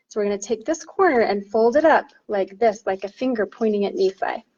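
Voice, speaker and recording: High-voiced lady doing a kids' song lesson, singsongy teacher voice, kinda muffled audio. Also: fairly quick, hardly any pauses, faint music behind. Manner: bright, sing-song teacher voice for children. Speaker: primary chorister. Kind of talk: demonstrating a children's song lesson.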